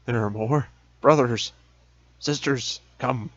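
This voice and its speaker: Dude doing a hurt talking crouton, deadpan and dramatic, kinda muffled mic. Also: male voice, mid-range voice, slow, no echo. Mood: offended. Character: offended living crouton, male, melodramatic.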